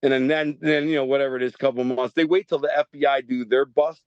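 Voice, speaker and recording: A man's voice: mid-range voice, steady tone, fast talker, darkish tone, clear, resonant tone, no room sound, muffled recording. A middle-aged man from Detroit, telling a rambling story in a podcast interview and often restarting his sentences. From Detroit, Michigan. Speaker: podcast guest.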